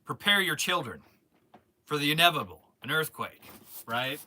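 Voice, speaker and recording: Brief: animated male stream host, teasing and rambling, very bright, slightly high voice. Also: normal speed. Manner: animated, jumps to sudden loud outbursts. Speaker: host of a live toy-selling stream. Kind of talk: casual live-stream chat.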